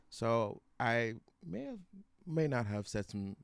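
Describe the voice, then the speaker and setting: A young man tells his story with sassy, playful flair. His voice sits at an ordinary pitch for a man. The sound is close and dry, recorded in a hotel room. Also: sing-song, slow, creaky, clean tone, no echo. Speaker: guest, best friend. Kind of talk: casual chat.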